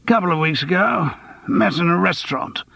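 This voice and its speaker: A man's voice: high-pitched, normal speed, vocal fry, dry recording, pitched above the performer's own voice, full character voice. A man voicing a worldly, wry lawyer who is an old friend of the hero, in an audiobook. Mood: dry. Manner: wry, teasing, lively. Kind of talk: audiobook character voice.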